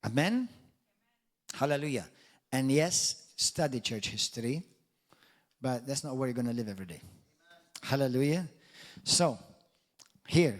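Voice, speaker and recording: Male pastor, middle-aged, high-pitched and emphatic, preaching with humor. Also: very animated, a little slow, pauses often. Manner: emphatic preaching with wide swings in loudness and pitch; jokey asides and mock quotes of doubters. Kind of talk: sermon.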